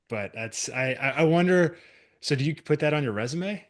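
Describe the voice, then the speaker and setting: A man hosts a relaxed interview, joking and friendly. He often restarts his sentences mid-thought. His voice sits at a middle pitch. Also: moderate pace. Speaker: podcast host. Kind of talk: casual podcast interview.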